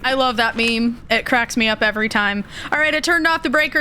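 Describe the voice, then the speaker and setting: Casting note: bright, fairly high-voiced young woman, chatty game streamer, faint hiss behind. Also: brisk, hardly any pauses. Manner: chatty, reads chat aloud and greets viewers. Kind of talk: casual live-stream chat while gaming.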